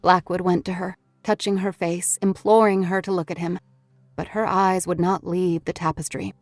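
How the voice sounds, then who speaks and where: A woman's voice: lowish voice, level tone, moderate pace, darkish tone, dry recording, soft background music. A woman reading a horror novel aloud as an audiobook narrator, in a scripted storytelling manner.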